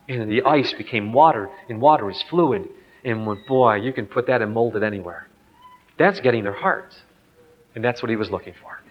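A middle-aged man preaching a personal storytelling sermon, animated, swinging from loud to hushed. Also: medium pitch. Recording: dull lo-fi hall recording.

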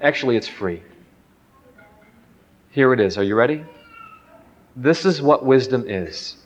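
A man's voice: mid-range voice, animated, a little slow. A man in his forties giving a conversational sermon to a crowd, candid and folksy, telling stories from his own family life. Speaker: family seminar speaker. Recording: echoey hall, dull lo-fi sound.

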